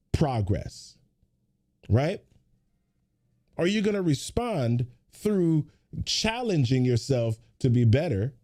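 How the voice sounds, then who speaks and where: A man with a mellow, warm voice delivers a motivational pep talk, firing off one rhetorical question after another. He sounds like a show host speaking straight to his viewers, casual but preachy. His pitch sits in the middle for a man. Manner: greets viewers in a chatty way. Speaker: host of a weekly motivational livestream.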